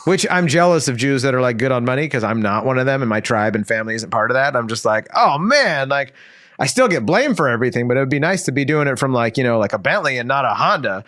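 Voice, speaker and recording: A man's voice: animated, fast, fairly bright tone, dry recording. A man co-hosting a comedy podcast in casual chat, rambling with many fillers and popping into mocking voices. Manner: rambling, lots of "like", jumps into high mocking voices for quoted people.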